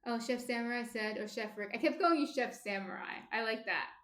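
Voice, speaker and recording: Woman, New Jersey accent, higher voice, chatty livestream host, roomy echo. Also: a little fast, a bit bright. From New Jersey, USA. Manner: chatty, answers viewer comments. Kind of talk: casual live-stream chat.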